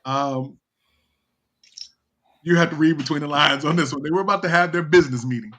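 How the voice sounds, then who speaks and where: A man's voice: on the high side, a little fast, fairly bright tone. A man on a video call telling a funny family story, chuckling often, full of fillers, and mimicking his relatives. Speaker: guest storyteller.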